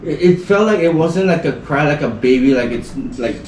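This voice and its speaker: A man's voice: a little high, expressive, a little fast, a little mellow, slight background noise. A man from the Northern Mariana Islands telling a story in casual podcast chat, rambling and leaning heavily on "like" as a filler. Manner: rambling, heavy use of "like" as filler. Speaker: podcast guest. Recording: roomy sound from a distant mic.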